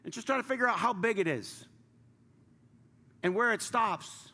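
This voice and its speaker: A man preaching a sermon as pastor, passionate, swinging from loud urging to hushed near-whispers. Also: sits high, moderate pace. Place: large church hall. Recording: reverberant church hall with faint ambience.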